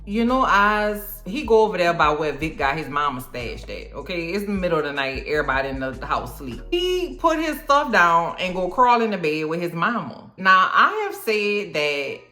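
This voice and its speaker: Sassy woman recapping a show, lively sing-song delivery, lower-pitched, echoey room, faint music. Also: normal speed, hardly any pauses. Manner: slangy, sassy, peppered with "okay?". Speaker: TV recap vlogger. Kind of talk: casual episode recap.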